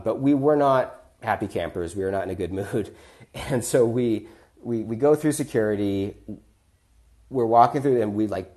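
A man with a fairly low voice tells a personal story on a podcast. He talks casually and with energy, often backing up and adding fillers as he goes. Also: darkish tone. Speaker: podcast host.

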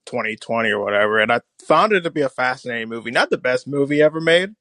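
A man's voice: medium pitch, animated, quick pace, fairly bright tone, no room sound, low-quality recording. A young man in his twenties, a panelist on a podcast, chatting casually and filling his speech with "like.". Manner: filler-heavy, says "like" a lot. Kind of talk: casual chat.

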